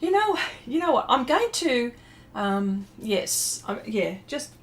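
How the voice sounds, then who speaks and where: A woman's voice: on the high side, sing-song, takes it slowly. A woman, chatting casually and laughing often as she paints on a livestream and answers her viewers. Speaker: artist livestreaming a painting session. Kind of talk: casual chat while painting.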